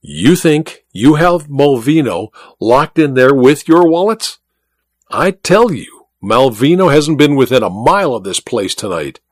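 A man voicing an excitable, dapper male gentleman who speaks with urgent insistence in a storybook reading. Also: mid-range voice, unhurried, dry recording, studio quality.

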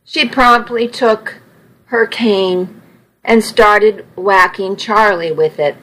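A woman reads a first-person story aloud in a mid-range voice. She takes her time, with a slow, plain storytelling delivery. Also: mid-range voice, fairly bright tone, low-quality recording. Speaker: narrator.

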